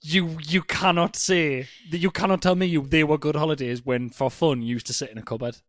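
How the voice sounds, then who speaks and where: A man's voice: fairly high pitch, fairly quick, fairly bright tone, dry recording, clean studio sound. A man co-hosting a podcast, swearing, teasing and acting mock-outraged. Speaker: podcast co-host. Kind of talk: casual podcast banter.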